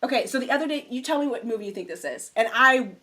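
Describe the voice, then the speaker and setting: A woman's voice: a little high, quick pace. A young woman co-hosting a casual podcast, telling a story with lots of acted-out quotes. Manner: animated storytelling, acts out quotes. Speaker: podcast co-host. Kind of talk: casual chat.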